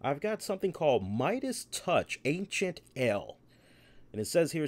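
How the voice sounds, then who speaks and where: A man hosting a live wrestling aftershow, talking in an animated, rambling way and repeating himself. He has had a beer and is hiccuping a little. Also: fairly high pitch, moderate pace. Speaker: wrestling show host. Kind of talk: live solo aftershow review.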